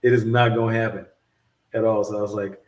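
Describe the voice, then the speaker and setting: A man telling a long story in casual chat, animated and rambling, often restarting his sentences. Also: on the low side, fast talker, roomy sound, recorded from a distance. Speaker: podcast co-host.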